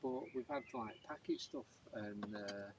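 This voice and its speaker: A man's voice: fairly low pitch, measured pace, dull audio, background noise. Easygoing man, far off. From England. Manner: easygoing, hesitant with fillers. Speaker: travel vlogger. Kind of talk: casual chat.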